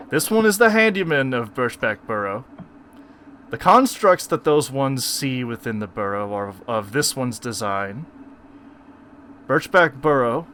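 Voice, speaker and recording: A man playing a formal, ancient forest handyman who speaks slowly and stiffly. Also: mid-range voice, fairly bright tone, a little hiss or hum.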